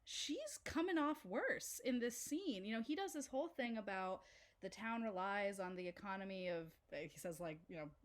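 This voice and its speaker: A woman co-hosting a podcast, chatting casually about a film, animated and laughing as she mimics characters. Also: mid-range voice, moderate pace. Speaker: podcast co-host. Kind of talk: casual film-review chat.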